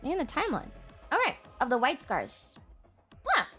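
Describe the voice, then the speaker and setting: High-voiced, profane woman streamer. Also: wildly swooping pitch, normal speed, bright, forceful tone, slightly rough, faint music behind. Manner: profane, exasperated outbursts at chat. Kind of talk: casual livestream chat.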